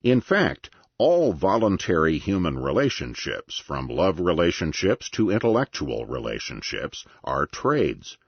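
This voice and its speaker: A man reading an argumentative nonfiction book aloud in a measured, deliberate way. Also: low-pitched, very animated, husky, no room sound. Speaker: narrator. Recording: muffled lo-fi recording.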